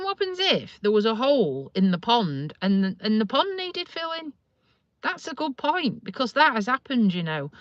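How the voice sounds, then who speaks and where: A woman's voice: on the high side, fairly bright tone, no echo, highs cut off. A woman, chatting and grumbling to viewers on a phone livestream from a parked car, with some mild swearing. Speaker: vlogger doing a phone livestream. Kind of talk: casual ranting chat to viewers. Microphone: phone held in front of her.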